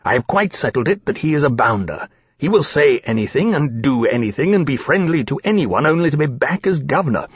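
A man's voice: on the high side, big pitch swings, slightly rough, no room sound. A man voicing an earnest, indignant dragon. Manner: earnest, frank, quick to indignation. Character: large male dragon, earnest and easily indignant. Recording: slightly dull, dry recording.

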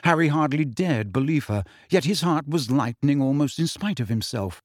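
A man narrating a novel as an audiobook, expressive and giving each character a voice. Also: fairly high pitch, normal speed, no echo, clean studio sound. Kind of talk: scripted storybook narration.

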